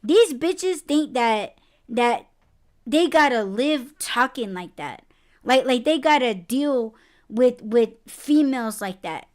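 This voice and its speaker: A woman's voice: a little high, expressive, slow, darkish tone. A woman hosting a casual podcast conversation. She rants bluntly, swears a lot and breaks into emphatic, rising outbursts. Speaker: podcast host.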